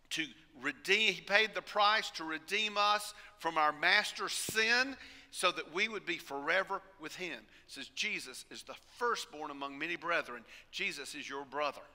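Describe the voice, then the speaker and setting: A man's voice: a little high, bright, forceful tone, in a large hall. A man preaching a sermon, emphatic and calling on the congregation for responses. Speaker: pastor. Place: church sanctuary.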